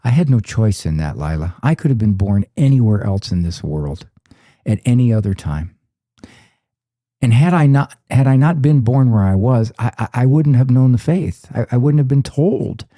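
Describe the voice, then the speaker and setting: Older man, mellow animated storyteller. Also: medium pitch, moderate pace, dry recording, studio quality. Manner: animated storyteller who acts out quoted voices. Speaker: guest psychologist. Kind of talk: conversational interview.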